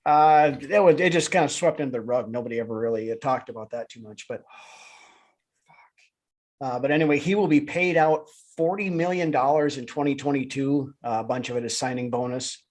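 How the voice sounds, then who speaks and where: A man's voice: medium pitch, fairly quick. Chatty man hosting a live sports show. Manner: chatty, many fillers and restarts. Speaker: podcast co-host. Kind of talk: casual live sports talk.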